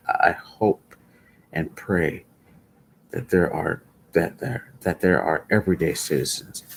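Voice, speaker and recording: Slow, deep-voiced sleepy man. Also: creaky, a little mellow, a little hiss or hum, poor audio. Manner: slow, halting, repeats himself. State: sleepy, yawning. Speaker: livestream commentator. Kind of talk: live commentary.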